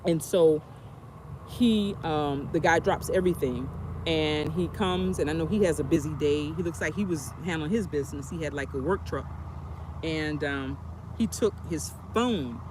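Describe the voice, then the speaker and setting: A woman's voice: sits low, normal speed, background noise. A woman chatting casually on a storytime livestream, rambling with many fillers while sitting on a bench outdoors. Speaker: travel vlogger.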